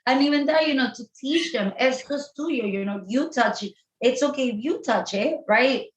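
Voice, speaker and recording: A woman sex therapist giving animated advice as an interview guest, often addressing listeners directly and dropping in Spanish phrases. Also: sits high, normal speed. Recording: echoey room.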